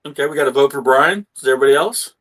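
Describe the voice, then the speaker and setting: A man running a tabletop game as game master, casual and halting with many fillers. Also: medium pitch, a bit bright.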